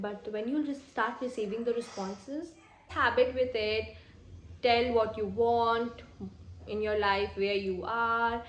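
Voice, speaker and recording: A woman's voice: fairly high pitch, fairly bright tone. A young woman, chatting casually and enthusiastically to camera as a vlogger, with lots of filler words. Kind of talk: casual vlog talk to camera. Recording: echoey room with faint noise.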